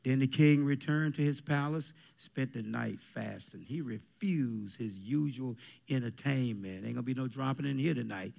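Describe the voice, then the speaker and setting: Gravelly-voiced pastor preaching, loud bursts, talks back and forth with the congregation. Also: male voice, mid-range voice, moderate pace. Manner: preaching with call-and-response, bursts of shouting. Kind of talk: sermon. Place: church sanctuary with congregation.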